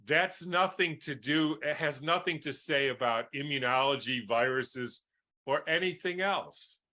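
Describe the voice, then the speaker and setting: A man speaks slowly in a bright, forceful voice. He answers interview questions as a doctor and makes his points with everyday comparisons. He keeps checking with his listener. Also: fairly high pitch. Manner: explains with homely analogies, keeps asking "right?". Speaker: guest doctor.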